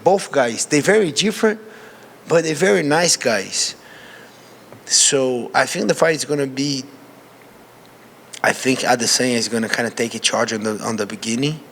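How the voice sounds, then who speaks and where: A man's voice: mid-range voice, slight background noise. A man from Brazil with a Brazilian Portuguese accent, a fighter answering press questions and acting out his own reactions. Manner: animated, acts out his own reactions in quotes.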